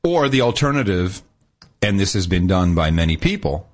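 A man talks in a relaxed, rambling way, often breaking off and starting over. His voice sits somewhat low. The sound is easygoing podcast conversation. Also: moderate pace. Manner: rambling, restarts sentences, laughs often. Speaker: podcast co-host. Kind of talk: casual chat.

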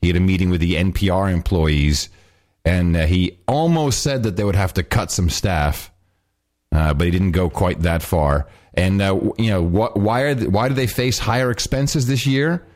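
Low-voiced co-host guy, bouncy swoopy delivery, chuckling banter. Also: animated, moderate pace, a little mellow. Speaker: podcast co-host. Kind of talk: casual talk show banter.

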